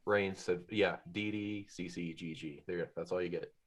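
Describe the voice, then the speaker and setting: A man's voice: deep voice, fairly even intonation, moderate pace, background noise. A man in a band chatting casually on a group call, tossing in dry, wry remarks. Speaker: band member. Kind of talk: casual chat.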